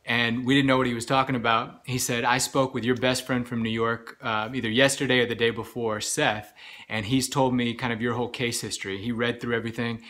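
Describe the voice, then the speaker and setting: A man giving an earnest, halting personal health update while recovering from serious illness, with many pauses and restarts. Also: mid-range voice, little pitch movement, fairly bright tone. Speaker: vlogger sharing a health update. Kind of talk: personal storytelling.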